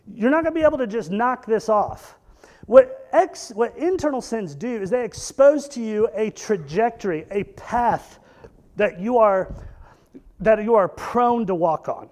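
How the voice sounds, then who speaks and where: High-voiced animated preacher man. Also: a little slow. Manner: animated, rhetorical questions and joking asides. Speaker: pastor. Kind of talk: conversational sermon.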